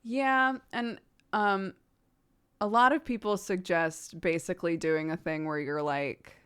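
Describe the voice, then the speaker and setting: A woman's voice: fairly low pitch, steady tone, a little slow, fairly bright tone, clear, resonant tone. A woman in her thirties, a streamer chatting casually with her viewers, rambling and laughing often. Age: 30s.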